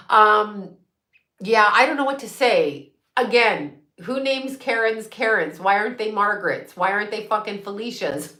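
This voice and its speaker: A woman's voice: medium pitch, bright, forceful tone. Blunt, profane woman ranting in an echoey room. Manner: blunt, profane, sarcastic, laughing often. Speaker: psychic medium host. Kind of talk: casual live-stream rant.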